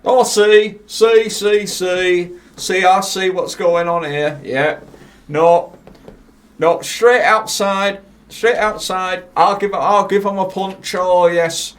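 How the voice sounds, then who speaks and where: A man's voice: sits high, steady tone, takes it slowly. A man playing a brash, hot-headed dating-show contestant who rambles with comic bluster. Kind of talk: comedic improvised dating game.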